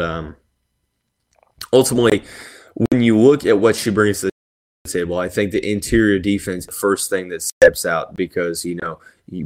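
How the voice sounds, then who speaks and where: A man with a very low voice hosts a solo sports podcast, breaking down basketball news at length. He rambles, circles back and fills gaps with "you know" and "um" as he works through his points. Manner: rambling, many fillers and restarts. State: yawning and sneezing.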